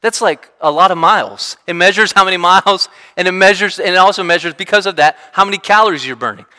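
A man preaching a sermon in an animated, conversational way, often restarting his sentences. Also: high voice, fast, smooth. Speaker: pastor. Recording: reverberant hall sound.

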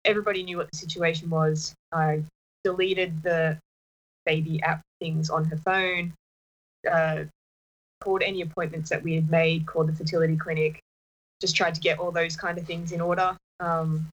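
Low-voiced woman, halting talk. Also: little pitch movement, muffled recording. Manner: halting, with many restarts and fillers. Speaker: partner sharing a personal story. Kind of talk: casual chat.

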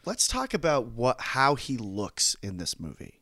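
Mid-pitched male podcast co-host, eager and laughing, dry close recording. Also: huge pitch swings, unhurried, sharp tone, no room sound. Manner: enthusiastic, laughs often. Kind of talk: casual movie chat.

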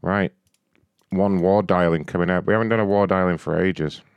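A man's voice: deep voice, steady tone, moderate pace, heavy background noise. Man, prank caller, taunting, foul-mouthed, casual chat. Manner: crude, taunting, swears a lot.

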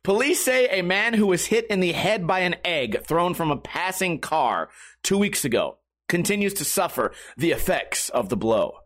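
A comedy podcast host with a high-pitched voice reads out a strange news story at normal speed and riffs on it with crude jokes. He's animated and crude, laughs often, and drops mocking asides.

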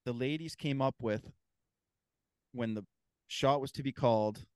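A man's voice: mid-range voice, unhurried, smooth, dry recording, clean studio sound. A man hosting a podcast, telling stories in an easygoing, casual way. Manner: easygoing, swearing storyteller. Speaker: podcast host. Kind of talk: casual chat.

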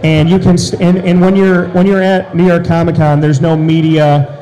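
Mellow-voiced excitable storyteller man. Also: a little high, moderate pace, poor audio. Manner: excitable, bursts into loud asides. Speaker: interview guest. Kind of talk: animated storytelling.

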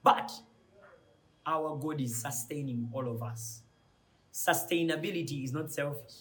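A man's voice: fairly high pitch, a little slow, a bit bright. A man preaching a sermon with passion, building to emphatic peaks with repeated rhetorical questions, often repeating words as he searches for them.

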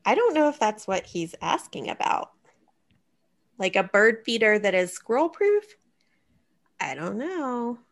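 A woman's voice: fairly high pitch, very animated, measured pace, creaky, long pauses. A woman hosting a casual podcast chat, wry and teasing, thinking aloud as she looks things up. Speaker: podcast host.

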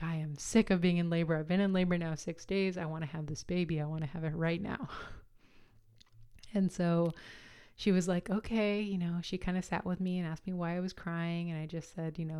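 A woman in her thirties tells a personal story in a candid, animated way, acting out the voices of the people around her. Her voice sits a little low and stays smooth and clear throughout. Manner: candid, animated, acts out quotes with laughs. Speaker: podcast host telling her birth story.

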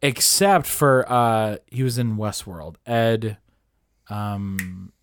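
A man hosting a casual podcast, telling a story in a rambling, animated way with lots of fillers and swearing. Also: fairly low pitch, drawn-out words, clean tone. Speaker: podcast host. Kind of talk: casual chat.

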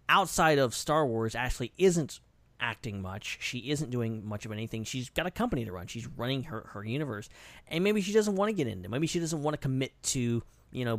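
A man's voice: mid-range voice, dry recording. Male co-host, chatty, hedges his takes, close dry mic. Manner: thinks aloud, qualifies his opinions. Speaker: podcast co-host. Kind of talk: casual podcast chat.

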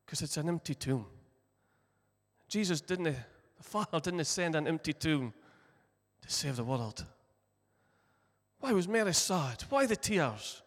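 A Scottish man delivers a sermon from the pulpit, unhurried and deliberate, leaning on his key phrases. His voice sits a little high for a man, and the words ring out in a long hall reverb. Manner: earnest storytelling preacher, slow deliberate emphasis. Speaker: pastor.

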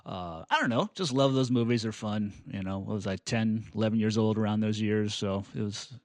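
A man's voice: on the low side, brisk, a little mellow, no echo. A man in his forties co-hosting a podcast, rambling through memories with lots of "you know" and "uh". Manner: rambling, many fillers and restarts. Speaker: podcast co-host. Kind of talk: casual chat.

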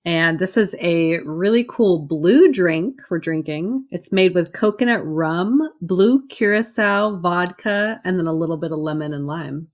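A woman's voice: on the low side, a little slow, hardly any pauses. A woman co-hosting a podcast in casual chat, laughing and protesting playfully. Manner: laughing, protesting, easily spooked. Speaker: podcast co-host.

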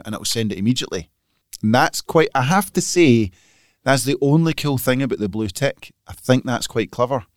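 A Scottish man co-hosts a podcast, chatting casually in a grumbling, dryly dismissive way. His voice has a middling pitch. It is recorded close and dry, with no room echo. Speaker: podcast co-host, magazine editor. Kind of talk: casual chat.

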